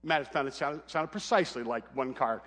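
A man's voice: mid-range voice, quick pace, in a large hall. A middle-aged man, a pastor, telling a humorous family story in a sermon, acting out the voices. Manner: animated, humorous anecdote with acted quotes.

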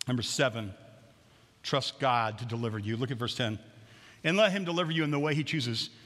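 A man's voice: medium pitch, brisk, fairly bright tone, long reverb tail. A middle-aged man, a pastor, preaching a conversational sermon that repeats phrases and acts out prayers. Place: church sanctuary.

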